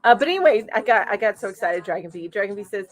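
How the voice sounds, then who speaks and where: A woman's voice: medium pitch, animated, fast. A woman hosting a casual crochet live stream, reading viewer comments aloud and chatting in a gushing way with lots of fillers. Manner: gushing and chatty, coos over her pet, many fillers. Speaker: host of a weekly crochet live chat.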